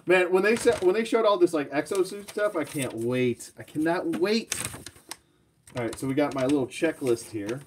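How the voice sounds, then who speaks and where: A young man excitedly unboxing toys on a live stream, laughing often and rambling with fillers. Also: a little high, moderate pace, a little hiss or hum. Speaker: toy collector streaming live. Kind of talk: casual live unboxing chat.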